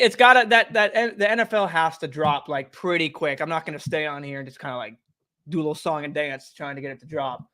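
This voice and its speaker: Young male streamer at home, loose and chatty, on a desk mic, with a slightly higher voice. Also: bright, forceful tone. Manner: easygoing, rambling, chatty. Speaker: streamer and show host. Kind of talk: casual live-stream chat. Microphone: desk microphone.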